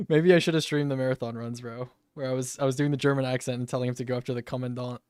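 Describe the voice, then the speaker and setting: A young man talking casually on a live stream, loose and slangy, often tossing in "bro". His voice sits at an ordinary pitch for a man. The recording is close and dry, with almost no room sound. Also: steady tone, fast, a little mellow, clear, resonant tone, no room sound. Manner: laid-back and slangy, often says "bro".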